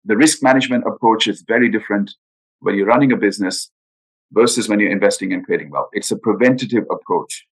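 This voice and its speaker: A man's voice: lowish voice, fast talker, husky, poor audio. A man talking in an interview about retirement planning, earnest and emphatic, with frequent rhetorical questions. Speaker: guest financial adviser. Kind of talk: podcast interview.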